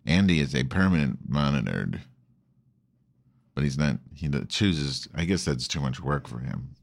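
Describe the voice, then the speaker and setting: A male host talks loosely to his online audience, swearing freely and veering between topics. His voice sits very low, and he restarts his sentences often in a campy, offhand manner. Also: animated, moderate pace, vocal fry. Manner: profane, campy, rambling with many restarts. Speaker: host of an online call-in show. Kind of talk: casual rambling monologue.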